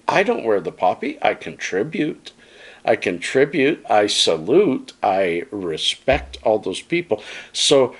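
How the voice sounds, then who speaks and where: Guy vlogging his opinions, real slow and easygoing, folksy, calls everyone my friends. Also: medium pitch. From Canada. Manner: folksy and musing, addresses viewers as friends. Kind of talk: casual opinion monologue to camera.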